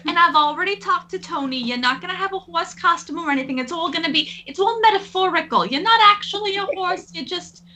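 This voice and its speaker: A woman playing a doting, pushy middle-aged stage mother in an improvised tabletop role-play, cooing and smothering in a slow drawl. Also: extremely high pitch, bright, forceful tone, a little hiss or hum.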